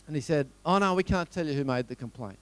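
A man's voice: fairly high pitch, expressive, fast, no room sound. A middle-aged man with an Australian accent, giving a conversational storytelling talk to a live audience, full of rhetorical questions. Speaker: motivational speaker.

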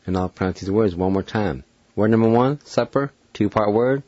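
A man hosting a radio language lesson, spelling out words letter by letter and sounding out each syllable slowly and deliberately. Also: on the low side, mellow, no room sound, muffled recording. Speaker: radio host teaching a language.

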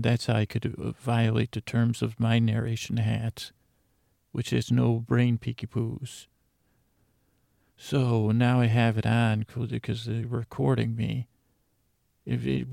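Gravelly, flat-voiced man narrating. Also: mid-range voice, no echo, studio quality. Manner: rambling, self-interrupting, chatty asides. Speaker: fictional narrator. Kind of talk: improvised comedic audio-drama narration.

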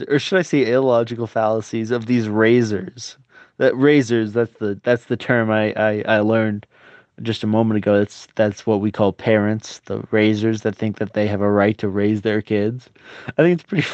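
A young comedian performs a sketch monologue as a smug forum user, mock-serious and hesitant, full of fillers. His voice is lowish and a little mellow, and the recording is dry and slightly dull.

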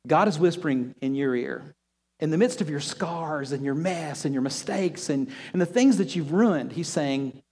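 Preacher with a higher voice in a hall. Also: male voice, normal speed, husky. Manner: storytelling, drops to a hushed near-whisper for emphasis; repeats words when restarting a thought. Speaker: pastor. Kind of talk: sermon. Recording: long reverb of a large hall.

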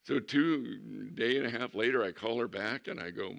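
A male pastor preaching and telling a story from the pulpit. His voice is gravelly with a bright, forceful edge. He acts out the people in the story with lively energy. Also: fairly low pitch, a little fast. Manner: animated storyteller acting out quotes. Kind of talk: sermon storytelling.

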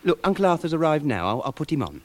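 A prim, flustered pier co-owner. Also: male voice, fairly high pitch, sing-song, quick pace. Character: fussy, mother-led male pier co-owner. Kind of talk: 1990s radio sitcom acting. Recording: hissy archive radio broadcast.

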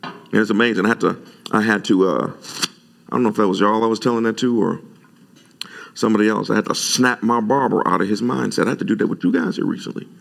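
A man preaching a sermon, animated and conversational, jumping high in pitch when he retells his own words. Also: fast, creaky. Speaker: pastor.

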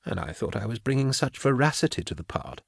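A man voicing a smooth-talking male undercover agent in an audiobook, speaking in a quiet, sly, low-voiced way. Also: animated, normal speed, no echo, studio quality.

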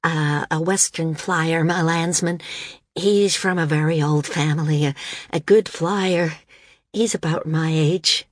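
A nervous young male flyer stammers through his answers in an audiobook, as a woman reader puts him on. His voice sits a little high and breathy, recorded close and dry. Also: fairly even intonation, takes it slowly, no room sound. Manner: hesitant, stammering.

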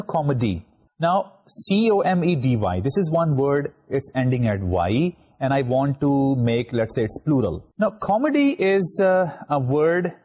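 A middle-aged Pakistani man delivers a recorded university lecture, spelling out words letter by letter and leaning on fillers like "you know". His voice is husky and mellow, and his pitch swings widely. He speaks English with a Pakistani accent.

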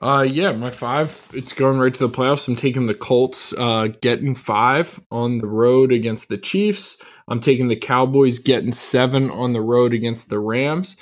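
A man co-hosting a sports betting show, boastfully pitching his picks as sure things. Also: a little slow, few pauses. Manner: boastful, animated. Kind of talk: casual sports betting talk.

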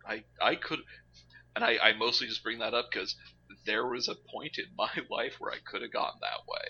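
A man co-hosting a podcast in casual chat, animated and quick to laugh. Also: mid-range voice. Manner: animated, laughs often, puts on mocking voices. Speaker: podcast co-host. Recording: slightly dull lo-fi recording with faint background noise.

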